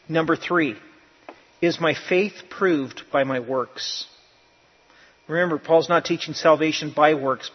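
A man preaching a sermon as pastor, emphatic and often rising to loud, animated bursts. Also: a little high, slightly rough. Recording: dull lo-fi sound with long church reverb.

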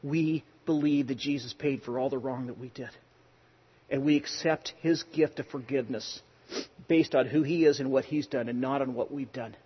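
Husky-voiced pastor preaching in a hall. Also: male voice, mid-range voice, steady tone, normal speed, dull audio. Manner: conversational preaching with personal anecdotes, swings from loud to hushed. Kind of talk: sermon.

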